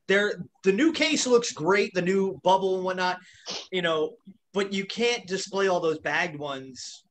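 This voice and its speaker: A man with a slightly high, fairly bright voice co-hosts a casual video podcast, joking around and teasing his guest while admitting to a nitpicky streak. There's a faint hiss or hum in the audio.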